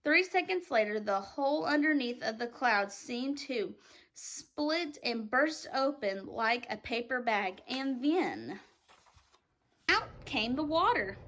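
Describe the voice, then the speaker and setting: A woman teacher reads a children's storybook aloud with expressive, dramatic pacing. Her voice is high and bright, and she leans into the action with lively emphasis.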